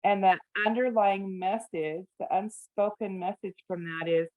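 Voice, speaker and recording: A woman's voice: medium pitch, unhurried, hardly any pauses. A woman who works as a family therapist, talking earnestly in an interview, sometimes mimicking a scolding parent. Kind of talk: podcast interview. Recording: tinny phone-like remote line.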